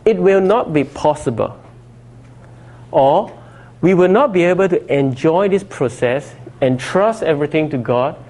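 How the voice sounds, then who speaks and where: A man's voice: a little high, darkish tone. A middle-aged man preaching a sermon in a conversational way, often saying "you know" and "okay" to his congregation. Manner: conversational preaching, frequent 'you know' and 'okay'. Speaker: pastor.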